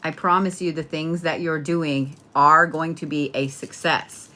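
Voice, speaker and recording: A woman's voice: low-pitched, fairly even intonation, unhurried, bright, forceful tone, slight background noise. A woman giving a casual spoken horoscope reading, talking bluntly and playfully with plenty of swearing. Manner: blunt, profane, chatty, playful. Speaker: tarot and astrology reader.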